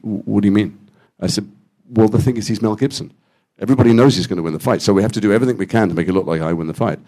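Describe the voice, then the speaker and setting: A man's voice: deep voice, vocal fry. A man with an English accent, an actor telling stories at a post-screening Q&A in a cinema. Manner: animated, quotes others in quick dialogue. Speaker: actor guest at a Q&A. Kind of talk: anecdotal storytelling. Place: cinema auditorium after a screening.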